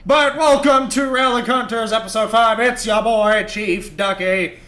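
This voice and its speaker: A young man streaming a tabletop game, chatting in a quick, joking, excitable way. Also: sits high, reverberant, background noise. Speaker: streamer and co-host. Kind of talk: casual livestream chat.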